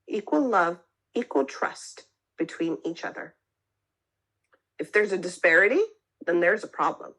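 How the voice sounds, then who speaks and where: A woman's voice: medium pitch, sharp tone, poor audio. A woman therapist giving a talk on couples communication. She explains step by step, keeps checking in with "okay?", and acts out sample phrases. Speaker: marriage and family therapist. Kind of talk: teaching a mental health talk.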